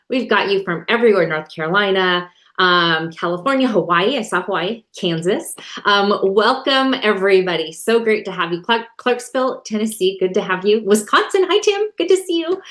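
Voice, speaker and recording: A woman's voice: mid-range voice, fairly bright tone. A woman hosting an online training over a video call, upbeat and chatty, greeting viewers by name. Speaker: webinar host. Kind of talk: casual online welcome.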